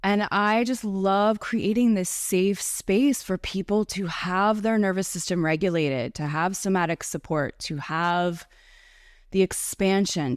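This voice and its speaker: A woman's voice: on the low side, no room sound, clean studio sound. A woman from the New York area, a breathwork and Reiki facilitator, chatting enthusiastically as a guest in a casual interview.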